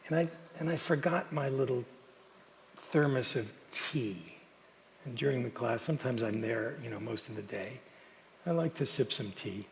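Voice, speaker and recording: Gravelly man preaching in a reverberant church. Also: medium pitch, a little hiss or hum. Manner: relaxed, halting, frequent restarts. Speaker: minister. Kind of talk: storytelling sermon. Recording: long hall reverb, faint ambience.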